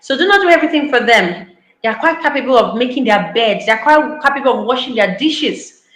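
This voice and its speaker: A woman's voice: fairly high pitch, lively intonation, fairly quick, fairly bright tone, echoey room, rough recording. A woman giving an online parenting talk, emphatic, repeating key lines and acting out parents' voices. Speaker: parenting speaker.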